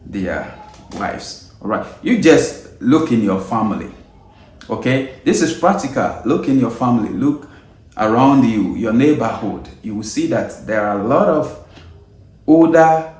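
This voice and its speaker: A man hosting an advice video, speaking slowly and emphatically, often checking in with "all right?" after each point. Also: lowish voice, darkish tone, reverberant. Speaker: video host giving advice. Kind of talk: slow, emphatic preaching-style talk.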